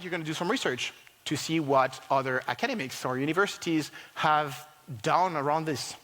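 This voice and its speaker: Man speaker at a tech conference, higher voice, lively, lots of ums, long hall reverb. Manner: animated, many fillers and restarts.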